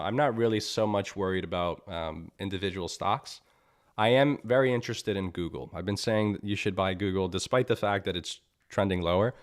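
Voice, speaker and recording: Guy w a lowish voice doing a live market stream, annoyed, blunt, keeps going "right?". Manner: blunt, repeats himself, asks "right?" often. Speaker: trading stream host.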